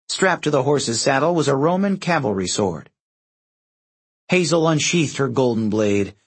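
Male audiobook narrator, expressive, husky tone, animated intonation. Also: medium pitch. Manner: expressive reading, voicing each character. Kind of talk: scripted narration.

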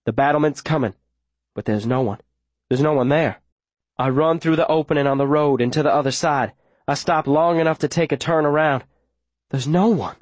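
A man's voice: medium pitch, normal speed, dry recording. A man reading a first-person audiobook with urgent, tense storytelling. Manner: urgent, tense storytelling with sudden shouted lines. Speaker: audiobook narrator.

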